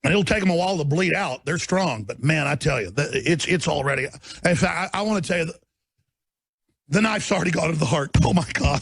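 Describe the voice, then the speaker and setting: A radio host, a man, rants with preachy fervor, often building into shouting. His voice sits fairly high with a heavy gravelly rasp. The sound is dry and close. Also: lively intonation, fairly quick, dry recording. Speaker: radio talk show host. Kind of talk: impassioned on-air rant.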